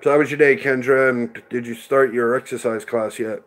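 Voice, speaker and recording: A man's voice: medium pitch, fairly even intonation, moderate pace. A middle-aged man hosting a casual livestream, chatting rambly and answering viewers by name. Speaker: livestream host reading chat.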